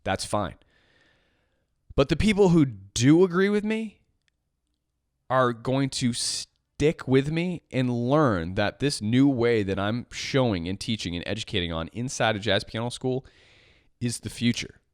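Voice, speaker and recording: A man's voice: mid-range voice, animated, measured pace, no echo, studio quality. A man hosting a podcast, talking about teaching jazz piano in an emphatic, impassioned monologue that circles back and repeats itself. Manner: passionate, emphatic, ranting with repetitions.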